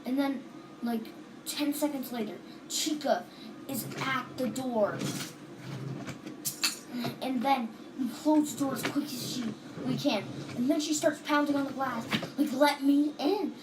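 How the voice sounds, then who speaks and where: On a noisy home recording, a high-pitched woman tells the story of a dream, speaking a little slowly. Her casual account rambles and restarts, strung together with many "and then"s.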